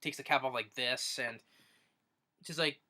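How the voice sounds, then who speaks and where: A man's voice: mid-range voice, measured pace, sharp tone. A man casually retelling a movie's plot as a reviewer, rambling with many restarts. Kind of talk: casual film review recap.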